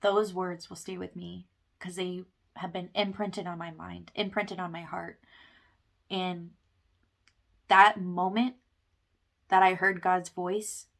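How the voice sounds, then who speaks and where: A woman's voice: fairly low pitch, little pitch movement, slow pace, gravelly, pauses often, fairly bright tone. Earnest woman telling a spiritual story. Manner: earnest, rambling with fillers and laughs. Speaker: wellness vlogger. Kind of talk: personal testimony monologue.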